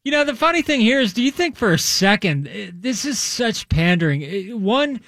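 A man co-hosting a sports radio show, talking in a skeptical, animated way. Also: high-pitched, normal speed, dry recording, studio quality. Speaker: radio co-host. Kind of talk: casual radio talk.

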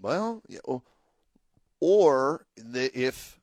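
A man's voice: medium pitch, sing-song, extremely slow, a little mellow, dry recording. A man co-hosting a sports radio show, chatting loosely about the team's payroll. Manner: chatty, loose, laughing asides. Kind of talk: casual sports talk radio banter.

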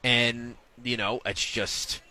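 A man's voice: mid-range voice, level tone, pushed and bright. A man being interviewed as a guest at a live event, telling stories with jokes and acting out what other people said. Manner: quick, jokey, acts out his wife in the story. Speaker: sports business reporter, guest. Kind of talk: animated interview storytelling. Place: radio row booth at a live event.

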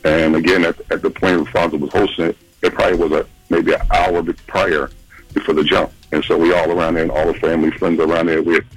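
Man, very low voice, husky, dry sound, calling in, lively storyteller. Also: fast talker, no room sound, rough recording. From Philadelphia. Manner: animated, acts out quotes in a high voice. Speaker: phone-in guest. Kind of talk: casual storytelling on radio. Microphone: phone call.

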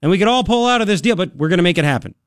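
A higher-voiced man hosting talk radio, sarcastic and lively as he swings between mock-high and low asides. His studio mic sounds close and dry, with no room in it. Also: racing, dry recording. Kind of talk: opinionated radio commentary.

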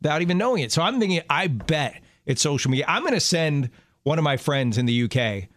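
A middle-aged man co-hosting a talk show, chatting casually and telling stories with quick laughs. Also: fairly high pitch, big pitch swings, fairly bright tone. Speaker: radio show co-host. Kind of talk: casual chat.

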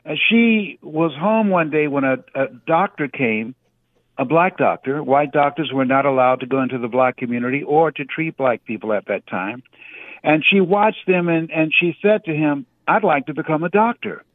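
A man's voice: on the high side, moderate pace, dry recording. A man giving a preacherly motivational talk as a radio guest, stressing his points by repeating words. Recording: tinny phone line.

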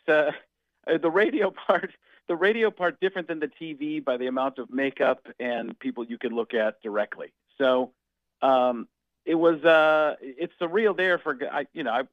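A man being interviewed as a comedian guest, talking in an animated, jokey way that slides into impressions. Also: mid-range voice, no room sound, lo-fi sound. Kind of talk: casual radio interview.

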